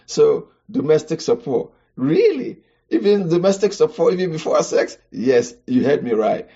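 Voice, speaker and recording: Gravelly man teaching on marriage. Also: normal speed, dark tone, highs cut off. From Ghana. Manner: emphatic, rhetorical questions with sudden high exclamations. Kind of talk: teaching talk on a podcast.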